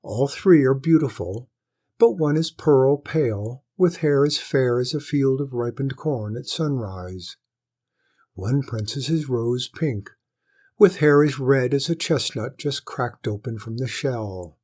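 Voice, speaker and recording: A man voicing a sly, knowing male court jester in a storybook reading, with a courtly, measured manner. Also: mid-range voice, expressive, darkish tone.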